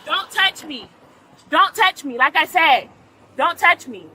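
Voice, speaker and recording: Agitated woman driver pleading with police, very high and bright, repeats herself, body-cam audio outdoors. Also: expressive, slow pace, a little hiss or hum. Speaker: driver being arrested at a traffic stop. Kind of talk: heated argument with police. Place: outdoors at a roadside traffic stop. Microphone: police body-worn camera.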